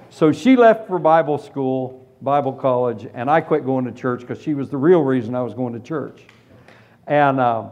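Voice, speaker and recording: A man preaching a humorous sermon testimony, telling his story in an animated, self-deprecating way. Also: medium pitch. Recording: dull lo-fi recording.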